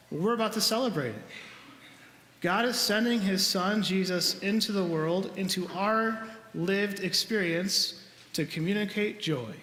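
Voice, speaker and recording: A man's voice: sits high, sharp tone, a little hiss or hum. A man preaching a homily as a priest, speaking in an earnest, conversational storytelling manner. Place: large church. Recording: echoey church with long reverb.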